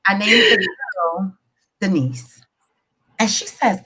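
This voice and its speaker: Woman co-host, lively storyteller, casual podcast chat, mid-range voice. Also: mid-range voice, normal speed, husky, poor audio. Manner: animated storyteller, voices quoted characters.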